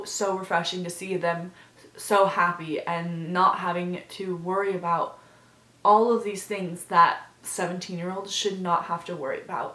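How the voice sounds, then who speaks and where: A woman's voice: medium pitch, a bit bright, reverberant. A woman vlogger giving a casual, effusive review, gushing and filling her talk with fillers.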